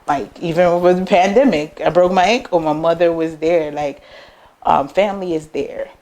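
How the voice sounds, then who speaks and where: Speaking at a moderate pace, a young woman from the United States who owns a business shares lively personal stories in a relaxed interview. She animatedly imitates the people she quotes, leaping up and down in pitch.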